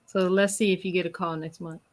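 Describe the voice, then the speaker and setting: A woman's voice: on the low side, fairly even intonation, fairly quick. A woman co-hosting a podcast in casual chat, teasing the others playfully. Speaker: podcast co-host.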